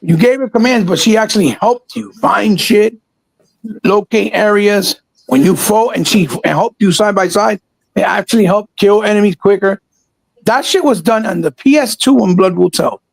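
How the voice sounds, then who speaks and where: A man's voice: high-pitched, moderate pace, vocal fry, no room sound, low-quality recording. A man co-hosting a casual gaming chat, ranting and swearing in exasperation. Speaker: podcast co-host.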